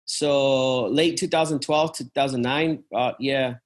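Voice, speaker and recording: A man's voice: medium pitch, fairly even intonation, measured pace. A travel business owner talking casually about his company, with frequent fillers, restarts and "man". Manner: rambling, many fillers and restarts; uses "man" and "dude" often.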